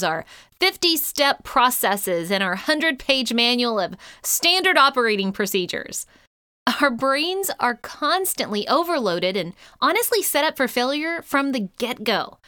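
Middle-aged woman, podcast host, earnest and encouraging, higher pitched, smooth and dry. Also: sharp tone, no echo. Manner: earnest, encouraging, with frequent light laughs. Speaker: podcast host and leadership coach. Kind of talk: podcast monologue.

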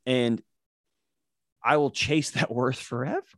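A man explains in an earnest, storytelling way, leaning on vivid everyday examples. His voice is mid-pitched, and the recording is close and dry. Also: slow, no room sound. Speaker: guest, mental health expert. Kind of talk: interview answer, explaining.

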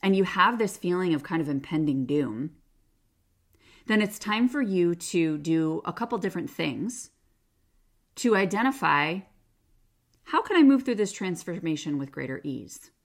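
A woman's voice: on the low side, animated, moderate pace. A woman hosting a self-help podcast, talking in a casual coaching way and often saying "like". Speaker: podcast host.

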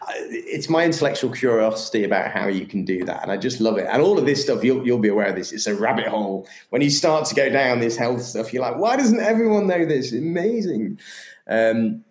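With a medium-pitched voice, this podcast guest talks at a quick pace with few pauses. He owns a yoga business and chats casually, candid, enthusiastic and freely profane, against a roomy echo.

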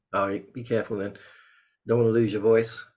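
A man hosting a webinar over a video call, chatty and joking, with sudden bursts of excitement. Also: on the low side, normal speed. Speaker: host. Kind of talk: casual webinar chat.

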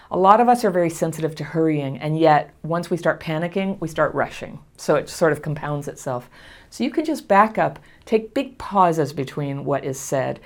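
Middle-aged woman, lowish voice, gentle reassuring teacher, soft laughs. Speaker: therapist teaching about trauma recovery. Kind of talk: casual spoken lesson to camera.

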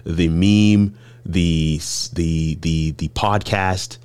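A male livestream host speaks with eager enthusiasm and often trips over restarts. His voice is very low, and the recording is dry and close. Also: fairly even intonation, very slow, a little mellow, smooth, no room sound. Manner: enthusiastic, interjecting, stumbling restarts. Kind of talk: live interview hosting.

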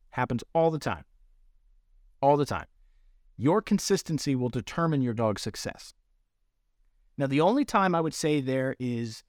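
A man's voice: mid-range voice, no echo. Dry, close-miked man explaining dog training. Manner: explanatory, uses everyday analogies. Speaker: dog trainer, podcast host. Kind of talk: instructional podcast talk.

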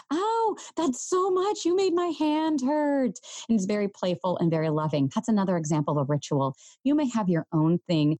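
Woman, 30s, parenting podcast host, earnest, gentle, warm low voice, dry sound. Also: no room sound. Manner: earnest, gentle, speaks to listeners directly. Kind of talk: solo podcast talk.

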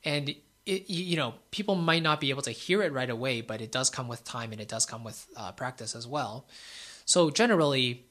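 A young man with a bright, forward tone talks through speaking tips in a loose, conversational way. He leans on fillers and keeps checking in with "right?", sounding easygoing rather than polished. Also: medium pitch, brisk. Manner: relaxed, filler-heavy, frequent "right?". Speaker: YouTuber giving speaking tips. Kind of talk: casual talking-head advice.

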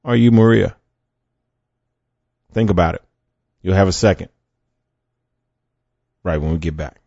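A man's voice: sits low, unhurried, gravelly, warm tone, highs cut off. A man hosting a faith podcast, talking conversationally with fillers, restarts and rhetorical questions. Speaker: podcast host.

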